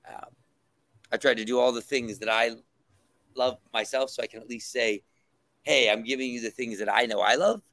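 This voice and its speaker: A man's voice: medium pitch, steady tone, moderate pace, pauses often, fairly bright tone, no room sound. A man, a comic creator, talking enthusiastically about his project as a podcast guest, with lots of ums and restarts. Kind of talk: casual podcast chat.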